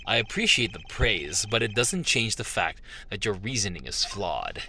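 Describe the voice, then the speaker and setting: A man voicing a cool, haughty male prosecutor who speaks in a measured, formal, condescending way. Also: on the low side, animated, sharp tone, slight background noise, pitched below the performer's own voice, heavily acted. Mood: composed.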